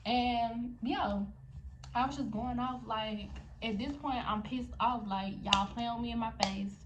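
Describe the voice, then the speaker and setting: A woman's voice: a little high, fairly even intonation, unhurried, muffled recording, noisy background. A young woman vlogger telling a story to her viewers, heated and profane, addressing them directly. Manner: talks straight to viewers. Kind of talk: storytime vlog.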